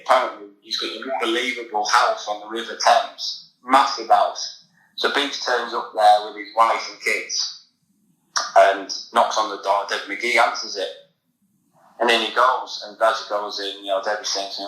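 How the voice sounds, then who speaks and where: A man's voice: fairly low pitch, level tone, a little slow, sharp tone, echoey room, rough recording. An English man, a former footballer, telling a long anecdote in a casual podcast chat, with many fillers and restarts. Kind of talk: casual storytelling.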